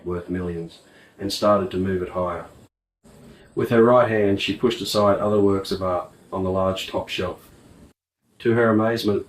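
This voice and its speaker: A man reading an audiobook in a plain, even way. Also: sits low, a little hiss or hum. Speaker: audiobook narrator. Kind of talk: audiobook narration. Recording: roomy, distant mic.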